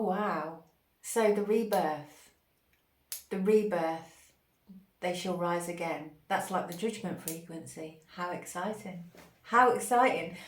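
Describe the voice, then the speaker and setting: A woman hosting a spiritual channel, giving an intuitive channeled reading in a dreamy, gushing way, pausing as if to receive words. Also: fairly low pitch, a little mellow. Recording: roomy echo.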